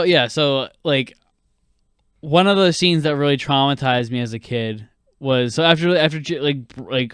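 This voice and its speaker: Young male film-podcast host; excitable, profane, smooth clean tone. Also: mid-range voice, no echo, clean studio sound. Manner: animated, swears a lot, quick bursts. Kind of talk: casual film chat.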